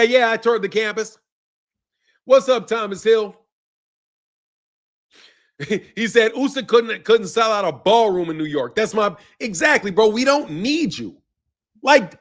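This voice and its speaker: High-voiced, profane, combative man. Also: fairly bright tone. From United States. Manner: profane, combative, talks back to chat. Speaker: boxing channel host. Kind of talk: heated livestream rant reading chat.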